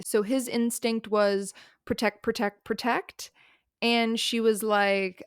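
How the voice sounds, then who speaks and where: A young woman casually recapping a novel's plot in a chatty, animated way, full of fillers. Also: on the high side, slow pace, clean tone, no echo, clean studio sound. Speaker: book reviewer.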